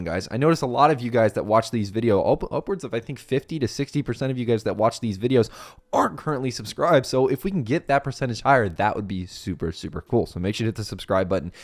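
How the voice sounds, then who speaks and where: An upbeat man hosting a casual finance vlog, hyped and chatty, constantly calling his viewers guys. He rambles and jokes at himself, with a slightly low voice. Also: a little mellow. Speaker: finance YouTube host.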